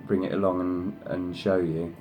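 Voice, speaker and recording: Man hosting a craft show-and-tell, deep voice, mellow tone, effusive and rambling. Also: flat delivery, moderate pace, faint music behind. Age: adult, sister past thirty. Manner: effusive, rambling with many "you know"s; coaxes his pet in a higher voice. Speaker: craft channel host showing design samples.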